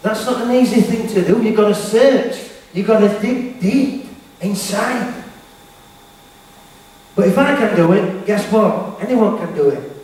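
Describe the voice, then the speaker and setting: A motivational speaker with a high, slightly mellow voice talks a little slowly, giving an emphatic and repetitive keynote straight to teenagers. He's in a large hall full of teens, and the recording is echoey, picked up from far away.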